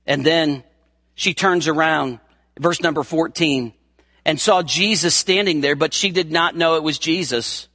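A man in his fifties, a pastor preaching a sermon, swinging between hushed, intimate moments and raised, urgent passages. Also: a little high, a little slow. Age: 50s.

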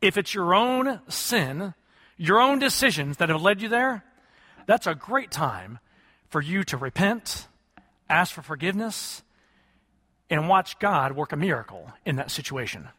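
A man's voice: high-pitched, very animated, a little slow, pushed and bright, breathy edge, big-room sound. A man preaching a sermon, questioning his congregation and calling for answers. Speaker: pastor.

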